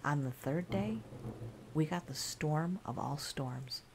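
A woman narrating a scary story in a calm, soft-spoken ASMR style. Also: low voice, slow pace, vocal fry, slight background noise.

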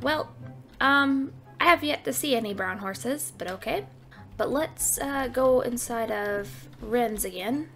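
A young woman with a high, girlish voice narrates her Minecraft game at a relaxed, unhurried pace. She is playful and chatty, coos over cute animals and keeps slipping in a silly oink refrain. Light music plays faintly behind her. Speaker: gaming channel host. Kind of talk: casual Minecraft let's play commentary.

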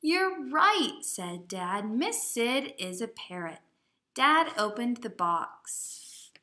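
In a slow read-aloud lesson, a kindergarten teacher sounds out the words of a simple story letter by letter for little ones. Her mid-range voice is animated with a sharp tone, and she takes her time.

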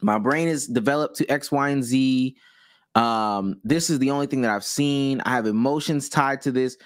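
A young man co-hosting a podcast, talking casually and haltingly, restarting phrases as he thinks aloud. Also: medium pitch, no echo, clean studio sound. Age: young adult. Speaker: podcast co-host. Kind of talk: casual debate chat.

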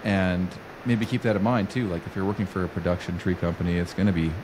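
A man's voice: low-pitched, fast talker. A man hosting an interview, casual and self-deprecating, sometimes losing his words mid-sentence. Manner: casual, laughs at himself, loses his words. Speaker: podcast host. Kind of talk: conversational interview. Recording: noisy recording.

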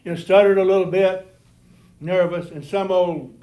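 A man's voice: sits high, steady tone, moderate pace, warm tone. A man teaching a Bible lesson to a church class. He often repeats words and restarts, and says he has always stuttered. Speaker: Sunday school teacher. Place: church classroom before a group.

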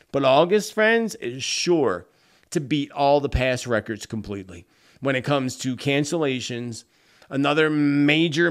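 Talking solo to camera in a somewhat high, slightly bright voice, this man hosts his channel and sincerely lays out his psychic predictions, frequently addressing listeners as "friends."

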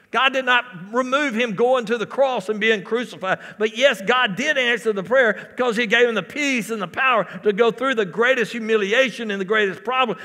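In a church sanctuary with big-room sound, a pastor with a high-pitched, sharp voice preaches a sermon. He repeats phrases and calls out to the congregation.

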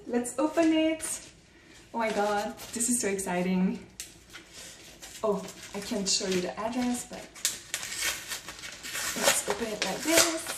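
Excitable woman in an echoey room. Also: mid-range voice, far from the mic. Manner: excitable, gasping, exclaiming. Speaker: vlogger. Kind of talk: casual unboxing vlog. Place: room at home. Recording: roomy, from the mic, faint noise.

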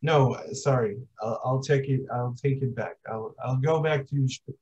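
A man hosting a podcast, speaking casually and haltingly, often restarting his sentences. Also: medium pitch, darkish tone. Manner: halting, restarts mid-thought. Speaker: podcast host. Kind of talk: casual interview conversation. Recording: slightly dull lo-fi sound.

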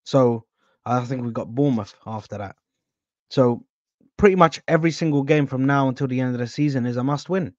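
A man's voice: medium pitch, brisk, no room sound, lo-fi sound. Slangy young man hosting a stream. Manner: slangy, shouting out viewers. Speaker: host. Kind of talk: casual live-stream chat.

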